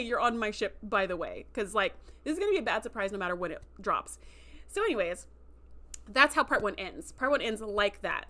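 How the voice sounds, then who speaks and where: A woman hosting a livestream, recapping a TV episode in a chatty, animated way and acting out quotes. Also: mid-range voice. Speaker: show review host. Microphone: livestream microphone.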